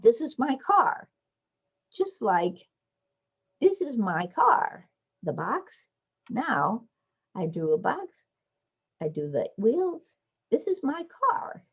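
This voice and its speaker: Woman, online lecture, unhurried delivery, dull lo-fi call audio. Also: on the low side. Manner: explanatory, slips into lively children's voices when quoting. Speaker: invited lecturer. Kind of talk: online academic lecture with slides.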